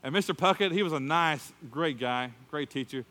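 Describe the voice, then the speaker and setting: A middle-aged man preaching a sermon, telling a story and acting out the voices in it with lively storytelling. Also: a little high, moderate pace. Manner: animated storytelling, acts out voices. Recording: long hall reverb.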